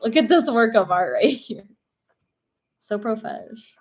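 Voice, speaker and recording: Chatty young woman streamer, higher voice. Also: lively intonation, moderate pace, soft background music. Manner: chatty and playful, reacting to chat. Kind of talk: casual chat while painting pumpkins.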